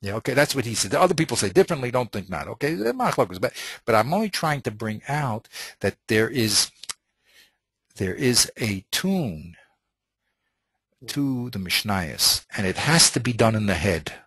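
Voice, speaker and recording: A man's voice: mid-range voice, sing-song, normal speed, a bit bright, breathy edge, no room sound. A man teaching a Talmud class in an informal lecture style, thinking aloud with many restarts and Hebrew and Yiddish terms.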